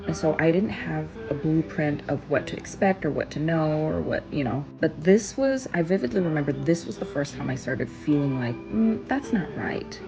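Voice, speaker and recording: A woman telling a personal story in an earnest, emphatic way, pausing on stressed words. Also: low-pitched, highs cut off.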